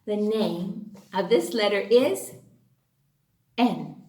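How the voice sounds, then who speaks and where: A woman teaching a phonics lesson to young children, animated and sing-song, gasping and cheering often. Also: mid-range voice, drawn-out words, pauses often, reverberant.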